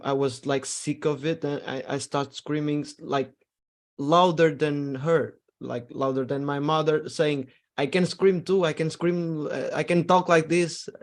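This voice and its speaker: A man in a casual podcast chat who speaks haltingly, often stopping to search for words. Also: mid-range voice, darkish tone.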